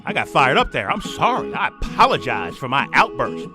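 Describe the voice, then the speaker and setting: A man's voice: mid-range voice, sing-song, normal speed, loud music behind the voice. A man hosting his own podcast, delivering a heated, sarcastic political rant. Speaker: podcast host. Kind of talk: solo political commentary rant.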